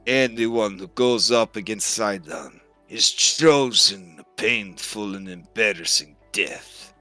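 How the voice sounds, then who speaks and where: A surly, scornful warrior, voiced by a man running the game growls a slow, low warning. The tone is bright, and faint music plays behind him.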